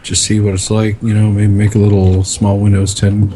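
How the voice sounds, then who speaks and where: A man co-hosting a casual online chat, telling stories with lots of fillers and pauses. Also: on the low side, completely flat delivery, dark tone, a little hiss or hum. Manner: rambling storyteller, many fillers. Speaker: podcast co-host.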